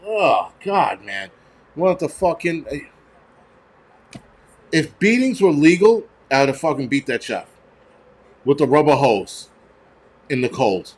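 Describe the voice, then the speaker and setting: A middle-aged man hosting a casual livestream chat, ranting with heavy profanity and animated outbursts. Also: mid-range voice. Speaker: host.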